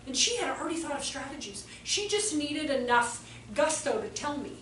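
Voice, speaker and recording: A woman with a high, bright-pitched voice gives a fast, animated talk to a live audience, acting out quotes as she goes. She is heard from a distance in a roomy hall. A faint hum sits underneath. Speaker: workshop presenter.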